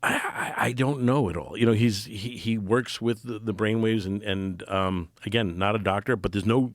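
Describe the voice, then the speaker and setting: A man in his forties, a podcast guest telling a personal story in an earnest, halting way with many restarts. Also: on the low side, no room sound, studio quality.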